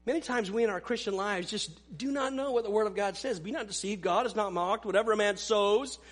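A male pastor delivering a sermon, emphatic, dropping to hushed asides. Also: high voice, fairly quick.

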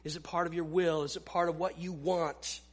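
Male pastor, high-pitched, emphatic sermon delivery with hushed asides. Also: level tone, moderate pace, breathy edge.

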